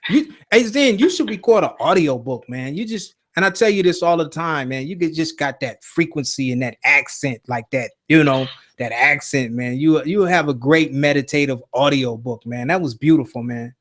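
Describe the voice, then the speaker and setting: Male talk-show host, easygoing chat, slightly high voice. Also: normal speed. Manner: laid-back, says "man" a lot.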